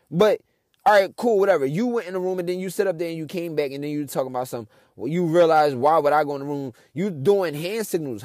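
A man's voice: high-pitched, a little mellow, dry recording, clean studio sound. A young man, ranting with frustration and heavy cursing in a casual monologue as a podcast host.

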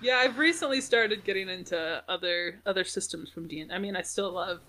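A woman co-hosting a casual podcast chat, animated and laughing often. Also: medium pitch, a little fast, a loud crowd. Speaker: podcast co-host.

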